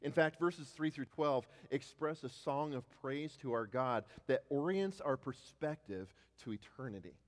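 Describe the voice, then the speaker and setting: A man preaching a sermon as pastor, often repeating words as he restarts, rising to loud declarations and dropping to hushed tones. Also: mid-range voice, lively intonation, unhurried, few pauses, in a large hall.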